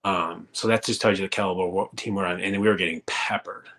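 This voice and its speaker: A man's voice: low-pitched, steady tone, fast talker, bright, forceful tone. A man in his thirties, a former pro hockey player, telling rambling, profane stories in a casual interview. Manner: rambling and profane, many fillers.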